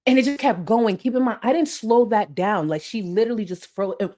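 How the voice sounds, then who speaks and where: A woman's voice: a little high, brisk, hardly any pauses, mellow. A young adult woman doing blunt, sarcastic reaction commentary, swearing freely as she talks back to a clip. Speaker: commentary YouTuber reacting to a livestream.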